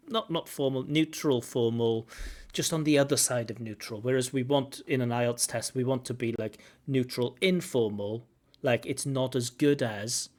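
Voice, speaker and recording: Going over a recorded speaking test out loud, this IELTS examiner thinks aloud and repeats words to demonstrate proper pronunciation. He speaks with a medium pitch and a darkish tone.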